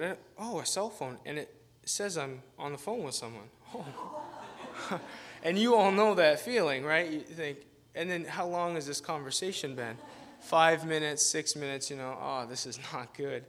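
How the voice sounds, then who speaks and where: A man's voice, a little high and a bit bright, carries an informal sermon. As a guest pastor he tells a rambling story at his own expense, keeping it casual and laughing often.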